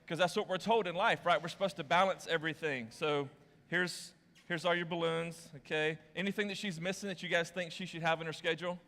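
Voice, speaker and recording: This pastor's voice sits on the high side, bright and forceful, with a brisk pace and fairly even intonation. During a sermon featuring audience games, he first jokes around with volunteers onstage and later speaks to the congregation in a candid, confessional way. The large church auditorium leaves a long reverb on the recording.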